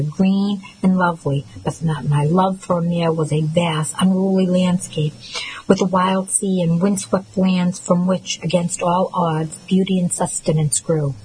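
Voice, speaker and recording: A woman reading a first-person novel aloud as an audiobook narrator, in a measured, steady way. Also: lowish voice, slight background noise, low-quality recording.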